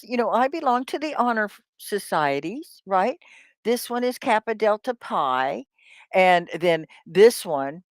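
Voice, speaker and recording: A woman teaching an English lesson on a live stream, drilling words slowly and cheering on her students. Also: sits low, no room sound, studio quality. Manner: slow, drawn-out word drills; upbeat, encouraging. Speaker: ESL teacher.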